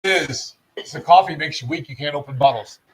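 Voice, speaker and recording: A man's voice: on the high side, fast talker, poor audio. A man co-hosting a casual livestream, trading short, dry, teasing quips. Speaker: co-host.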